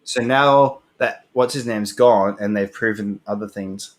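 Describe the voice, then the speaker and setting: A man's voice: fairly low pitch, measured pace. A man co-hosting a casual movie podcast, hesitant and full of restarts as he speculates. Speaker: podcast co-host. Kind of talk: casual chat about movies.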